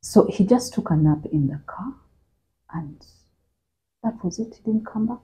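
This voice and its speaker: A woman's voice: medium pitch, lively intonation, measured pace, dark tone, low-quality recording. A woman with a Ugandan accent, a guest in an interview, recounting a personal story and switching between Luganda and English in a conversational way.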